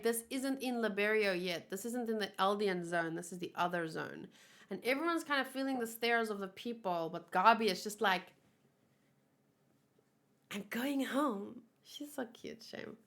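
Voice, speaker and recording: A woman's voice: a little high, a bit bright. A woman hosting a casual manga read-along, chatting and musing over the pages as she reads the characters' lines aloud.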